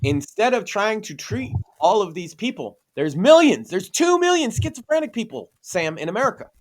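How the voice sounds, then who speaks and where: Earnest, emphatic man, fairly high voice. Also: sing-song, moderate pace, a little hiss or hum. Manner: earnest, emphatic, swears freely. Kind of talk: casual podcast discussion.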